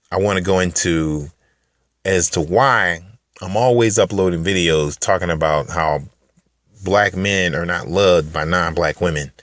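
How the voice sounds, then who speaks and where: A man's voice: fairly bright tone, dry recording, studio quality. A man vlogging to camera in a rambling, profane monologue, full of restarts and fillers, dropping to mutters and rising into emphatic bursts. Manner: shifts between low mutters and raised, emphatic bursts. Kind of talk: unscripted ranting monologue to camera.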